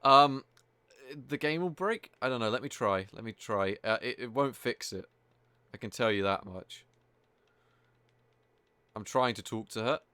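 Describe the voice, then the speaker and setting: A man's voice: mid-range voice, expressive, a little slow, pauses often, pushed and bright, smooth, dry recording. A man casually commenting live over a gameplay stream, chatty and exasperated, swearing freely as he talks. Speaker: game streamer.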